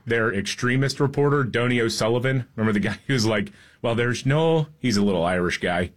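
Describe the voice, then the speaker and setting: A man with a fairly low voice gives heated political commentary as a talk show co-host. He talks in an animated, emphatic way and mocks what he discusses. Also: fast talker.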